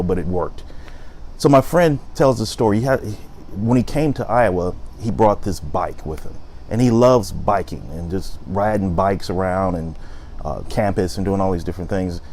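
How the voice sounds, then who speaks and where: Lively man telling a story. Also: sits low, normal speed, slight background noise. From South Side of Chicago. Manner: lively storyteller, acts out quotes. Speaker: host. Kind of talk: storytelling talk.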